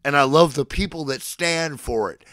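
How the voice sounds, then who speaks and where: A man's voice: fairly high pitch, normal speed, a bit bright, dry recording, clean studio sound. A man in his forties ranting at a live chat like a mock sermon, swinging between profane, boastful threats and declarations of affection. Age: 40s. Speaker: livestreamer addressing his chat.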